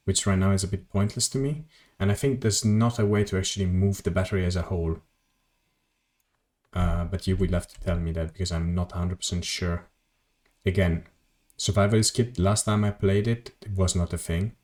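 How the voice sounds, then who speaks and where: Man, very deep voice, streamer, loose rambling game commentary, answers chat. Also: darkish tone. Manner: rambling, self-correcting, reads chat. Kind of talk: casual gameplay commentary. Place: home office.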